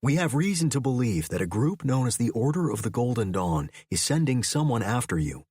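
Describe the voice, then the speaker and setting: A man playing a confident male adventurer-archaeologist who speaks firmly and plainly, pressing his point with urgency. The voice has a husky edge and a dry, close sound. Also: medium pitch, sing-song, fairly quick, darkish tone, dry recording. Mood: urgent. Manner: firm, urgent, matter-of-fact.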